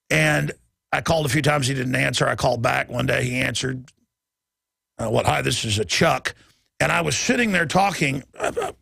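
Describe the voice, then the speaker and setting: A man hosting a talk radio show, talking emphatically and rushing, with frequent restarts. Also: medium pitch, creaky, breathy edge, dry recording. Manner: emphatic, fast, repeats words when excited. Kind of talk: rambling talk radio monologue; read-out advertisement.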